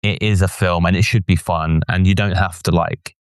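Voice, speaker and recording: Male podcast co-host, lowish voice, easygoing and joking, dry studio sound. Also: steady tone, normal speed, clean tone, no room sound. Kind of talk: casual podcast chat.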